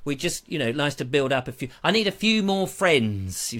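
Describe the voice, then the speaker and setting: A man's voice: a little high, very animated, normal speed, a bit bright. A man hosting a live online show in a small studio, rambling and joking on a lapel mic. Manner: jokey, playful, digressive. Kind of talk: rambling live-stream chat.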